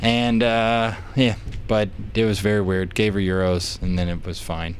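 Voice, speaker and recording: A young man co-hosting a casual podcast chat, telling animated stories, acting out quotes and swearing freely. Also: fairly low pitch, normal speed, a little hiss or hum. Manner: animated storyteller, acts out quotes, swears often. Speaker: podcast co-host.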